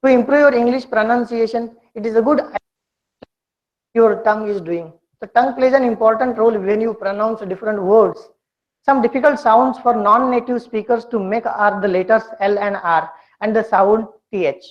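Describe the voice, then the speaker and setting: A woman teaching a pronunciation lesson, speaking slowly and deliberately and repeating words for her students to copy. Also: fairly high pitch. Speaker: English communication skills teacher. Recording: dull lo-fi lecture recording.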